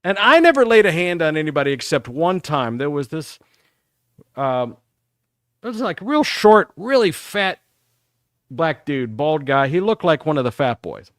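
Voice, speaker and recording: A middle-aged man hosting a talk show, telling rambling, profane stories about his school days in a casual, animated way. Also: on the high side, moderate pace, no room sound, clean studio sound. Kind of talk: casual storytelling.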